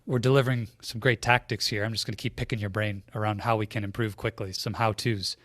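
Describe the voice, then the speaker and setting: A man's voice: lowish voice, steady tone, quick pace, a bit bright, dry recording. A man hosting a podcast interview, speaking reflectively and conversationally and asking long, framing questions. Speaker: podcast host.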